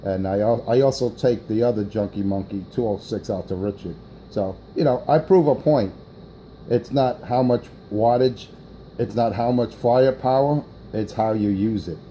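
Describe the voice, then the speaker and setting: A man's voice: lowish voice, normal speed, warm tone, a little hiss or hum, poor audio. A man talking on a CB radio, boastful and rambling, with many fillers. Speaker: CB radio operator. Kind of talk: radio chatter.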